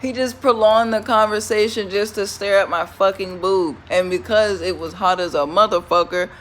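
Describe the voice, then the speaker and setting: A young woman recounts an awkward encounter in a loose, chatty storytime voice. She swears constantly, breaks into laughter and lets out groans of disgust, and her delivery stays animated throughout. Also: medium pitch, normal speed, slight background noise. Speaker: vlogger. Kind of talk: casual storytime monologue.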